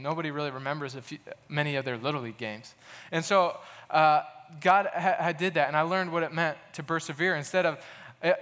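Preaching casually and earnestly, a young man keeps restarting his sentences and drifting into personal stories. His voice is slightly higher than typical for a man, followed by a long hall reverb.

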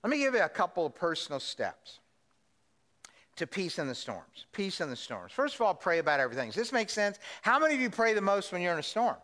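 Male pastor preaching in a big church hall, high lively voice, lots of reverb, keeps asking the crowd stuff. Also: fairly quick. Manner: animated, asks the congregation questions. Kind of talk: sermon.

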